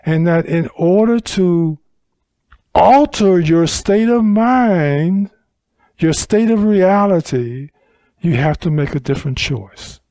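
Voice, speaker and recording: Slow, animated male dharma teacher. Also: sits high, dry recording, studio quality. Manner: animated, unhurried teaching with emphatic repetition. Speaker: Buddhist teacher. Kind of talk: dharma talk. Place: retreat center hall.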